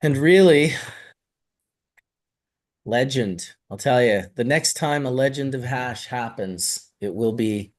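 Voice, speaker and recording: Man, host, mid-pitched voice, playful, casual, rhetorical questions. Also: slow, pauses often. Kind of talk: casual chat.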